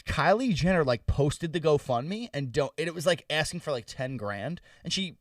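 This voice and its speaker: A man co-hosting a podcast in casual banter, crude and teasing, with quick lively jabs. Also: on the high side, no echo, clean studio sound, recorded from a distance. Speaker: podcast co-host.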